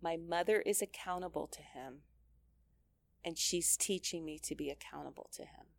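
Earnest low-voiced woman with gravelly edge. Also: normal speed. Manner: earnest and conversational, laughing lightly, with frequent restarts. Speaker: speaker teaching mothers. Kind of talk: Christian teaching talk.

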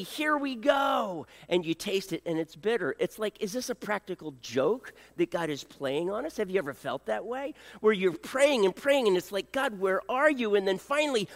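High-voiced guy preaching, lively, jokey, does voices, coughs a bit, big echoey hall. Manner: animated, acts out voices, jokes with the congregation. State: coughing now and then. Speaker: pastor. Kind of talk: sermon.

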